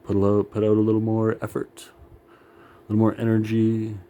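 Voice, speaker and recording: A man's voice: lowish voice, completely flat delivery, a little fast, warm tone, lo-fi sound. A middle-aged man rambling in a profane, self-critical monologue, laughing often and sounding worn out.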